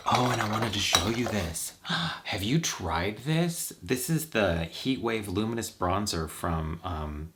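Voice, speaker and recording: A man's voice: lowish voice, animated, slow pace, noisy background. A man chatting casually and rambling with campy asides as he does his makeup for a vlog. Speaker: makeup vlogger. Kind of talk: casual chat while doing makeup.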